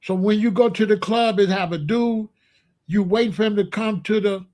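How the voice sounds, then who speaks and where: Man, high voice, blunt repetitive livestream talk, middle-aged. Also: fairly even intonation, moderate pace, warm tone. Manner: blunt, repetitive, asks the chat questions. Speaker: livestream host. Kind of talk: casual livestream monologue.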